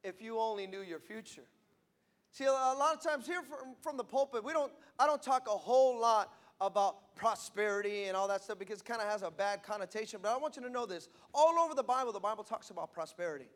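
A man preaching an emphatic sermon from the pulpit, repeating and stressing his key lines. His voice is unusually high for a man. He speaks to a live congregation in a church. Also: quick pace, hardly any pauses, fairly bright tone. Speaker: pastor.

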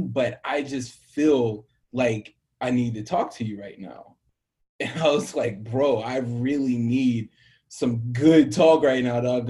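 A young man from the American South, a musician, telling his story in an interview with lively acted-out dialogue and frequent laughs. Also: mid-range voice. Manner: animated storyteller, acts out quoted dialogue, laughs often. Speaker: musician guest.

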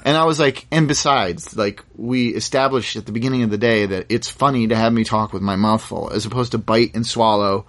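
A man's voice: lowish voice, a little fast, few pauses, fairly bright tone. A man in casual chat, telling a story from a shoot with lots of fillers and restarts. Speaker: guest actor.

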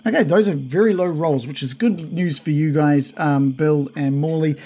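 Man, game master, husky voice, slightly high, halting narration full of fillers. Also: warm tone. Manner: halting, with many fillers and restarts.

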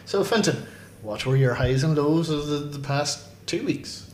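A man's voice: a little high, a little slow, a little mellow. A man with a Derry accent hosting a casual comedy chat, joking and often laughing as he talks. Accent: Northern Irish, Derry. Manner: jokey, laughs often, breaks into song. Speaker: podcast host. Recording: echoey room with crowd noise.

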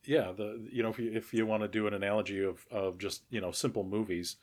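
A man's voice: lowish voice, steady tone, fast, darkish tone. A man co-hosting a football podcast, explaining his view in a hesitant way full of fillers. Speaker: podcast co-host. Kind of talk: casual chat.

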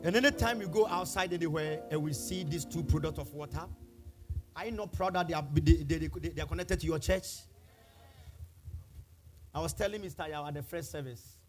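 A high-voiced man preaches as a pastor, driving his phrases up into shouted, repeated declarations. Music plays clearly underneath him throughout. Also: fairly quick. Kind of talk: sermon. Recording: music playing behind the voice.

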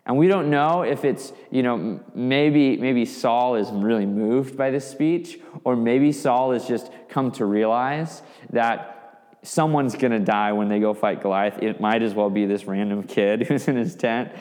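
Brief: male pastor, mid-pitched voice, animated storytelling, long church-hall reverb. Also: a little slow. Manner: animated storytelling, vivid asides. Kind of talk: sermon.

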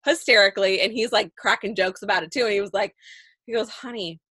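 A woman's voice: mid-range voice, steady tone, fast talker, pushed and bright, slightly rough, dry recording, studio quality. A woman co-hosting a podcast, chatting casually, rambling through stories and laughing often. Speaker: podcast co-host. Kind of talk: casual chat.

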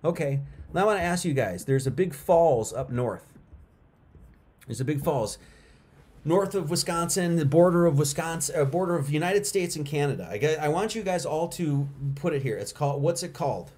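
A man's voice: a little high, lively intonation, normal speed, darkish tone, breathy edge. A middle-aged man hosting a casual livestream, talking emphatically to his viewers and repeating points for effect. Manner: emphatic and repetitive, talks to chat. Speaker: livestream host.

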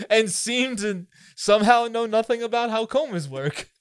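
Male podcast co-host, slightly high voice, dry close sound, incredulous riffing. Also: animated, measured pace, smooth, dry recording. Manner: incredulous, riffing on movie absurdities. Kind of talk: casual movie review chat.

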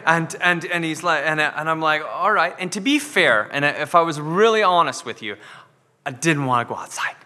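Male pastor, higher bright tone, earnest preaching, reverberant hall recording. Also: expressive, moderate pace. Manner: earnest, repeats words when building a point. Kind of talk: sermon. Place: church sanctuary.

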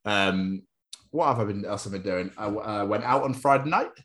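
A man's voice: lowish voice, brisk, a bit bright. A young man, co-hosting a podcast in casual chat, jokey and rambling. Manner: chatty, jokey, slips into silly put-on voices. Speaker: podcast co-host.

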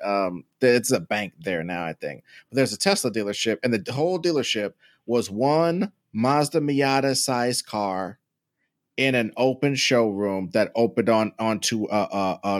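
A man chatting on a podcast in a loose, rambling way, full of profanity and easy laughter. He sits at middle pitch. The sound is close and dry, with no room around it. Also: no echo. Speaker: podcast co-host. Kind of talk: casual chat.

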